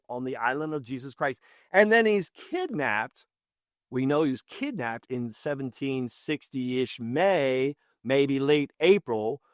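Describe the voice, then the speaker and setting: An author telling a story with lots of energy, his fairly high voice jumping up when he acts out what people said. The sound is dry and close, with no room echo. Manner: enthusiastic, with big pitch jumps when quoting people. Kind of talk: casual animated storytelling.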